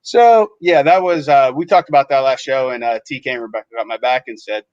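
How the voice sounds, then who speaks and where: A man's voice: mid-range voice, brisk, darkish tone, clean tone, no echo. A man, a podcast co-host, telling a story in casual chat and acting out other people's lines in shifting voices. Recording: dull lo-fi sound.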